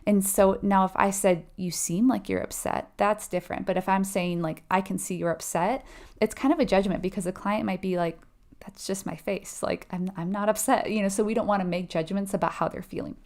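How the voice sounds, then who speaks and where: Gravelly-voiced woman teaching exam review. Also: medium pitch, fairly quick, darkish tone. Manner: conversational, explains step by step, asks the audience questions; laughs lightly while acting out client replies. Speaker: nursing exam review instructor. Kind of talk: live online exam review lesson.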